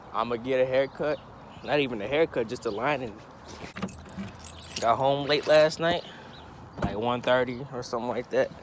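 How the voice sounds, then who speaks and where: A young man rambles to his camera in a relaxed, slangy way, still groggy from just waking up. He sounds like he is in a car or out on the street. Street noise and traffic are clearly heard behind him. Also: medium pitch. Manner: laid-back, slangy, rambling. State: groggy morning voice. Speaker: vlogger. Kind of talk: casual vlog talk to camera. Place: in a car and outdoors in a city.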